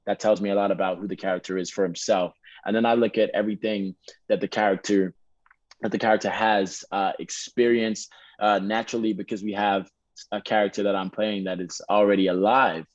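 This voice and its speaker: An English actor speaking in a put-on American accent, answering interview questions in a relaxed, rambling way with lots of fillers. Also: male voice, fairly low pitch, brisk, no echo, muffled recording. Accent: American (put on, Detroit-leaning). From England.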